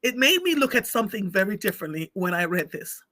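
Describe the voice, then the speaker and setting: A man with a high, bright, ringing voice reads a story aloud to his livestream audience. He takes it slow, with heartfelt pauses, on a close, dry mic. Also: very animated, no echo. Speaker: livestream host. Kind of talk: reading a story aloud, then chatting with viewers.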